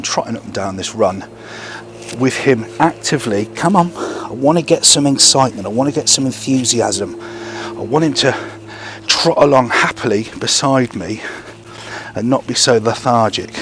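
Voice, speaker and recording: A man's voice: mid-range voice, animated, normal speed, a bit bright, slight background noise. A man training a young gundog outdoors, explaining to camera between short bursts of praise and commands to the dog.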